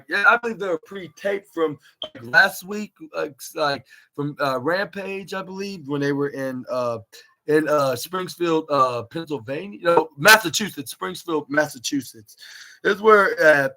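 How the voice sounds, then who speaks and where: A man's voice: a little high, pushed and bright. A man hosting a podcast, recapping a wrestling show in a casual, rambling way with lots of filler words. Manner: rambling, heavy on "like" and "this is where". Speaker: podcast host.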